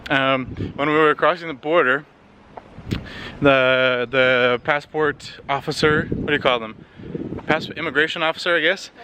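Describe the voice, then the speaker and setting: A man's voice: a little high, a little slow, background noise. A tired Canadian man narrating a casual travel vlog, rambling with lots of fillers as he walks around. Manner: relaxed, rambling with many fillers. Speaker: travel vlogger. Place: outdoors on city streets. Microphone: handheld compact camera.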